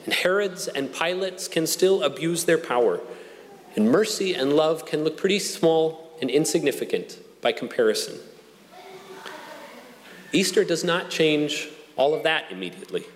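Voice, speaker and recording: Earnest preacher in a reverberant hall. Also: male voice, on the high side, lively intonation, slight background noise. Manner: measured, earnest preaching with slow emphatic pauses. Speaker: pastor. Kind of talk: sermon.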